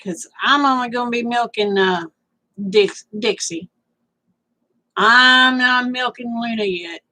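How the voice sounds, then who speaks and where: A woman's voice: a little high, slow pace, sharp tone, rough recording. Sleepy older woman chatting. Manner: drawling, chatty, reads viewer comments aloud. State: sleepy, yawning. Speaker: livestream host. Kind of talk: casual livestream chat.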